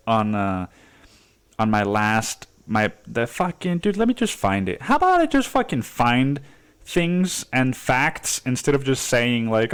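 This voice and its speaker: A man's voice: medium pitch, fairly bright tone, clean tone. A man hosting a casual solo podcast, rambling in a stream of consciousness and swearing constantly. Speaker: podcast host.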